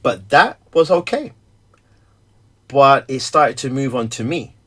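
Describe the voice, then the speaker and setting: A middle-aged man, a stay-at-home father who also preaches, talking candidly in an animated, storytelling way with frequent laughter. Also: medium pitch, takes it slowly. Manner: animated storyteller, acts out quotes, laughs often. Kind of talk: candid conversation.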